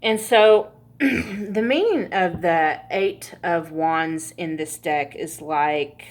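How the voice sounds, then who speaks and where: A woman's voice: on the low side, slow. A woman giving a casual pick-a-card tarot reading, chatty and laughing often, with frequent swearing. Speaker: tarot reader.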